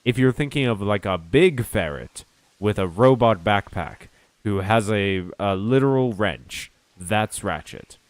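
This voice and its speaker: Low-voiced man rambling through a game. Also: animated, measured pace, no echo. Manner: rambling, self-correcting, chatty with chat. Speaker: streamer. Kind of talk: casual gameplay commentary.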